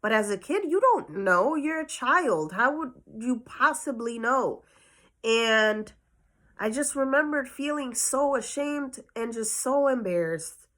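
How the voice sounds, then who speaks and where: A woman's voice: a little high, lively intonation, slow, a bit bright. A woman telling a personal story on her vlog in a casual, chatty way full of fillers, slightly short of breath. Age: adult. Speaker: vlogger.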